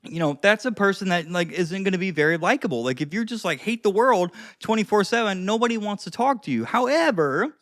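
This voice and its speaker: A man's voice: high-pitched, expressive, a little fast, a bit bright, no echo, studio quality. A young man giving casual social-skills advice to camera, rambling with lots of fillers and the odd swear word. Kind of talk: casual talking-head advice.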